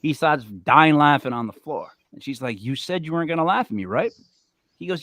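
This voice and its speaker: A man's voice: on the high side, animated, fairly quick, fairly bright tone, no echo. A man co-hosting a casual show, telling a long joke with many ums and restarts. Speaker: podcast co-host.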